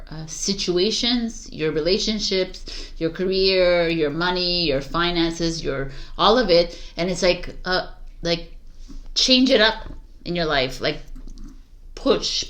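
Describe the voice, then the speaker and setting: A woman's voice: on the low side, a bit bright. A woman giving a casual, chatty tarot reading to camera, giggling often and using many fillers, with a morning voice. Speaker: tarot reader.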